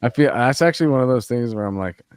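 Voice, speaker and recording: A man's voice: mid-range voice, animated, fast, a little mellow, clear, resonant tone, dry recording. A man in casual podcast chat, cursing freely and ending many lines with "dude". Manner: profane, says "dude" a lot.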